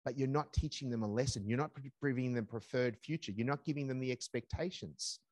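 A man's voice: medium pitch, fairly quick, a little mellow, dry recording. A man presenting a live parenting seminar, emphatic and repeating his key phrases.

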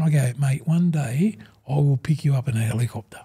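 Gruff-toned Australian older man, lively yarns. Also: mid-range voice, a little fast. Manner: animated yarn-spinner, acts out quoted dialogue, says "mate" constantly. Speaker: guest, former rugby league player and broadcaster. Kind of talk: casual interview storytelling.

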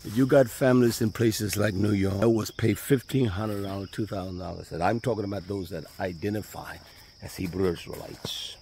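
A man's voice: fairly low pitch, steady tone, moderate pace, warm tone. A man giving a folksy, conversational tour of his land while walking outdoors by a pond. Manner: folksy, conversational, Southern US speech. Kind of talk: casual walking video tour. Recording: faint outdoor noise. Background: birds and insects.

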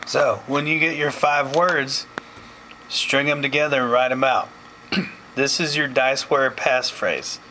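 A man walks through a tutorial step by step at an unhurried, deliberate pace. His voice sits in an ordinary middle pitch. A steady noisy hiss runs under the recording. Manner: slow, plain explaining with asides. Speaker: teacher.

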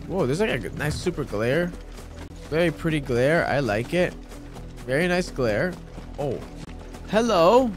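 Male gamer, let's-play commentary, lively, unhurried, crude and joking. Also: mid-range voice. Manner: playful, crude, excitable, talks to the characters. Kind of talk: casual gameplay commentary.

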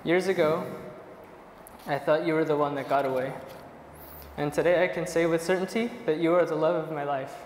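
A young groom reads his vows softly, with emotion close to the surface. His fairly high voice rings out in a reverberant hall, with faint room noise behind it. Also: steady tone, moderate pace. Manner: soft, emotional, reading from notes. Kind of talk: reading wedding vows.

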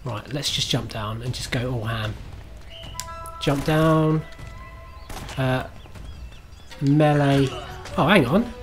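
A man's voice: mid-range voice, expressive, moderate pace, hardly any pauses, fairly bright tone, faint music behind. A man streaming himself playing a game, chatting to viewers in a self-mocking way, swearing and laughing at his own mistakes. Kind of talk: live gameplay commentary.

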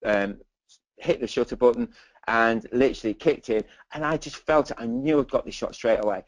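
A man's voice: mid-range voice, moderate pace, no echo, low-quality recording. A man teaching dog photography in a webinar, chatty and enthusiastic, with many asides like "okay". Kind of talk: presenting slides in a webinar.

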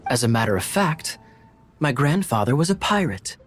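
An actor voicing a young game character who tells grand, secretive tales with earnest drama. His voice sits at a medium pitch, and faint game music plays behind him. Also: sing-song, moderate pace, natural voice. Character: boastful young male pirate's grandson with an eye patch. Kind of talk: game dialogue.

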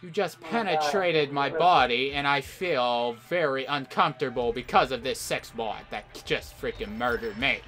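A man's voice: mid-range voice, normal speed, few pauses. A man giving live commentary over an online shooter match, hurling theatrical mock-outraged insults at opponents. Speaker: gameplay commentator.

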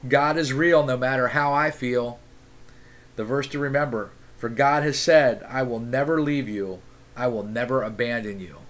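Man, devotional reading with commentary, mid-pitched voice, earnest, fired-up asides, keeps checking in with listeners. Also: a bit bright. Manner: earnest, breaks into fired-up tangents and quick apologies; frequent "okay?" check-ins to listeners. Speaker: devotional reader and lay preacher.

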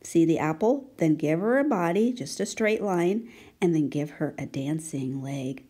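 A woman with a slightly husky, breathy voice that sits a little low, leading a children's handwriting lesson. She talks gently and patiently, checking again and again that her young learners are following along. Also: animated. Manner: gentle, slow and encouraging, asking many check questions. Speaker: handwriting teacher.

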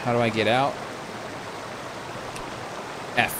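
A man streaming a game, rambling chattily about it and now and then jumping into squeaky joke voices. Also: steady tone, takes it slowly, noisy background. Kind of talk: casual gameplay commentary.

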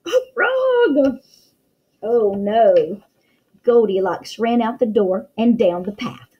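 A woman's voice: medium pitch, takes it slowly, slightly rough, highs cut off. A woman teacher reading a picture book aloud to young children, full of exclamations and questions to the listener.

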